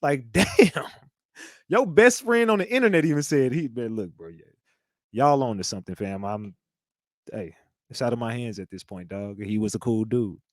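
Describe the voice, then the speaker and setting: A man's voice: mid-range voice, moderate pace, dry recording, studio quality. A man hosting a live commentary show, talking in a rambling, profane way and repeating himself. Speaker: host.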